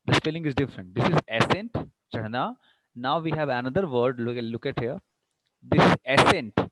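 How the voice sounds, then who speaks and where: A man's voice: medium pitch, very noisy. A man with an Indian English accent teaching English vocabulary, switching between English and Hindi and checking understanding with questions. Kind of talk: online lecture, mixing English and Hindi.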